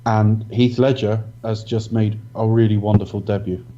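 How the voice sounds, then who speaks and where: Measured man reviewing films, dark tone. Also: on the low side, level tone. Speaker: podcast co-host. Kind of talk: casual film review chat. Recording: dull lo-fi audio.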